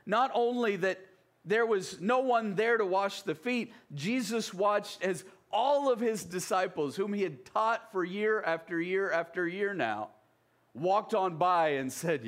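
A man from the American South preaching a sermon in a conversational way, often checking in with his listeners. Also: high-pitched. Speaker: pastor.

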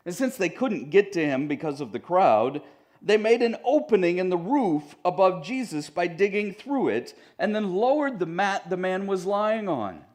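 A pastor preaching a sermon in a church, talking conversationally with joking asides to the congregation. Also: male voice, high voice, big pitch swings, normal speed, a little mellow. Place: church sanctuary.

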